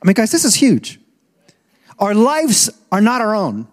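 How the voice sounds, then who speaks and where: A male pastor delivers an emphatic sermon, his voice sitting a little higher than most men's. He drops low and measured, then builds loud and rising, stretching out key phrases slowly. The long reverb of a large church hall trails behind every word. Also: wildly swooping pitch. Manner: slows right down to stress key phrases. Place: church auditorium.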